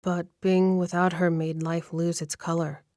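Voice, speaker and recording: The narrator of this first-person romance audiobook is a woman whose lowish voice stays even and measured as she tells the story. The recording is dry and close-miked.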